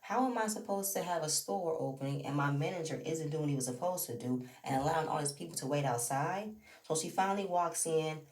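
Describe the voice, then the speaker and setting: A woman's voice: low-pitched, a little fast, darkish tone, recorded from a distance. A woman recapping a reality show in a chatty, opinionated way, talking straight to the viewer. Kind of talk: casual recap commentary. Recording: roomy echo, away from the mic.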